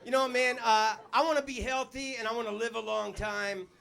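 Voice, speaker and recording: Bright-voiced man doing stand-up. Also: very high voice, fairly even intonation, moderate pace, gravelly, a faint crowd. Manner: loud punchy delivery, puts on voices for jokes. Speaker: stand-up comedian. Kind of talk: stand-up comedy set. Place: comedy club stage.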